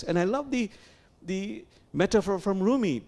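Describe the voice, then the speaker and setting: A man leading a sermon as imam, speaking in an animated way with repeated phrases and questions to the listeners. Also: high voice, moderate pace. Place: sanctuary.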